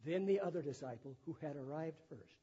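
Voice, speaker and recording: A man's voice: fairly high pitch, brisk, warm tone, breathy edge. A man preaching a sermon, reading the gospel and retelling it in plain words with chatty asides. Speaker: pastor. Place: church sanctuary. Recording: dull sound in a long-echo hall.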